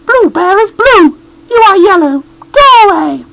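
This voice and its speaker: A man voicing a stern mother bear who shouts strangers away from her door in a shrill voice. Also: big pitch swings, measured pace, vocal fry, noisy background, heavily acted. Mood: indignant.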